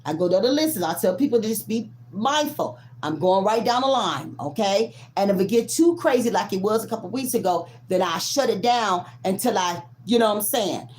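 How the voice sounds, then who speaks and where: A woman giving a casual collective tarot reading, talking bluntly and profanely with drawn-out emphatic stresses. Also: mid-range voice, expressive, a little mellow, a little hiss or hum. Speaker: tarot reader.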